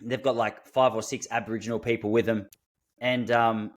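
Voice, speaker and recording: A man's voice: medium pitch, moderate pace. A man hosting a podcast, telling stories animatedly in casual chat and acting out what people said. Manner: animated storytelling with quoted voices and laughs. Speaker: podcast host.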